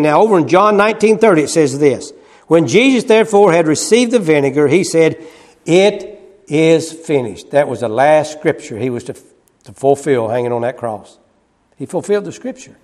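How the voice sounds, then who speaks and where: A man preaching a sermon. He swings from loud, high cries to hushed low asides, repeating phrases and chuckling as he goes.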